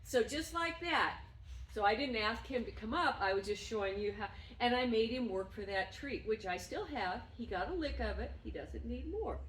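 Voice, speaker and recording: A woman's voice: expressive, moderate pace. Woman dog trainer, roomy distant sound. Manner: bursts into high, loud, effusive praise for the dog. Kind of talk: demonstrating dog training outdoors.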